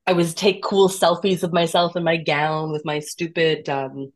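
A woman's voice: low-pitched, moderate pace. A woman in her thirties, a podcast guest, telling her own story candidly and expressively, often laughing and acting out what she said to herself. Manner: animated and expressive, with frequent laughs and acted-out quotes of herself.

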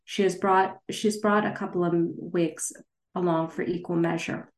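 A woman's voice: fairly low pitch, fairly even intonation, unhurried. A woman author reading her novel aloud and then answering questions hesitantly over a video call. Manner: hesitant, many fillers and restarts. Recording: roomy echo.

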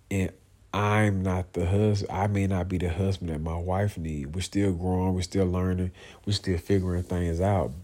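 A man speaking to his viewers in an emotional, heartfelt monologue, earnest and halting, often repeating himself and filling pauses with "you know" and "man". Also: low-pitched, a little mellow. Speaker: vlogger, father speaking to viewers.

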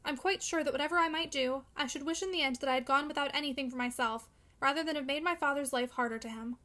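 A woman reading the part of an earnest young woman who speaks with sorrowful gentleness. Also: high voice, fast talker. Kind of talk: audiobook character reading.

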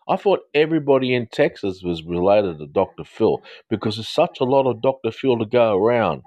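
A man's voice: low-pitched, normal speed, darkish tone, no echo. A middle-aged man with an English-Australian accent, a psychotherapist chatting playfully and rambling with viewers during a live social media stream. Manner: playful, rambling, jokey asides.

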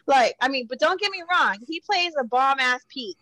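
A woman from Corpus Christi, Texas, co-hosting a casual pop-culture podcast, talking in an animated, gushing way with lots of fillers. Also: high voice, moderate pace, hardly any pauses, dry recording, rough recording. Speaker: podcast co-host.

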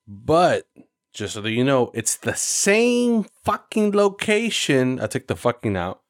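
A man co-hosting a podcast, telling a story in casual chat, animated and profane, acting out the voices in his quotes. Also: medium pitch, unhurried, no echo. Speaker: podcast co-host.

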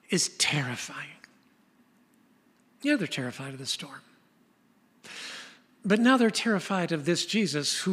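An older man preaching a sermon, telling stories in an animated way and dropping to a whisper for emphasis. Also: high voice, breathy edge. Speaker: pastor. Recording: long reverb of a large hall.

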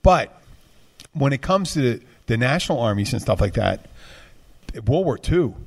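A man's voice: mid-range voice, very animated, moderate pace, vocal fry, darkish tone. A man in casual chat, rambling and restarting his sentences with plenty of fillers.

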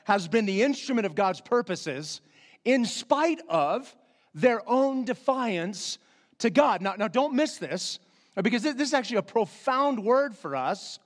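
A man's voice: high-pitched, in a large hall. A middle-aged man preaching a sermon as pastor, earnest and emphatic, repeating key phrases for stress.

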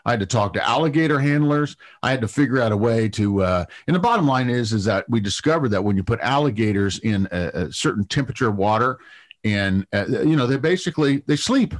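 A middle-aged man recounts a story as an interview guest, voice at an ordinary pitch. He stumbles through fillers and repeated words, then pushes on eagerly. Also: brisk. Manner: animated anecdote-telling with many fillers and restarts. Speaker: TV producer guest.

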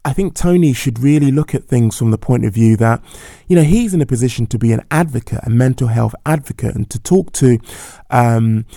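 A man with a warm, gravelly voice speaks calmly and carefully. He hedges his views and stops to correct himself, recorded dry and close. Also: mid-range voice, fairly quick, no room sound. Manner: thoughtful, hedging, corrects himself. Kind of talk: measured opinion commentary.

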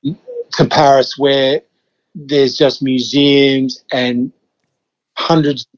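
Extremely slow yet very animated, the medium-pitched voice of this Western Australian man in his fifties comes through dull audio. As a podcast guest he tells stories casually, swears freely, keeps a laid-back manner, and acts out his reactions.

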